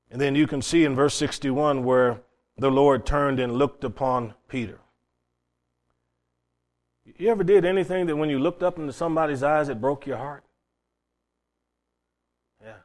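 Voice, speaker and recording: A man preaching a sermon as pastor, dramatic, swinging between loud declarations and hushed asides, asking the congregation rhetorical questions. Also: mid-range voice, a little slow, pauses often.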